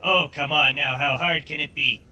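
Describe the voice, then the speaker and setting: A swaggering Southern outlaw who brags about every score, voiced by a man. His tone is very bright and rather high for a man. The accent leans heavily Southern American. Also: fairly even intonation, moderate pace, muffled recording. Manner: boastful, swaggering. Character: cocky male outlaw gunslinger.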